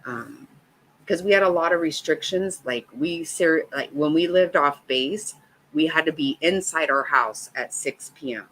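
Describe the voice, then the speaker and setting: Low-voiced woman telling a story. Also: unhurried, fairly bright tone, husky, low-quality recording. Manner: rambling, swears freely, laughs between lines. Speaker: vlogger telling a personal story. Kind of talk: casual storytelling.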